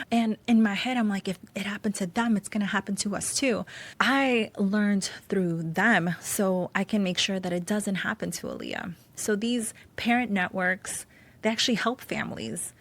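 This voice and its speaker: A woman in her thirties talks straight to listeners on her solo podcast. She is earnest and openly emotional. Her voice sits at a middle pitch with a noticeable gravelly fry. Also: a bit bright. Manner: earnest and emotional, speaks directly to parents. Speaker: podcast host. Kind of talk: personal solo podcast talk.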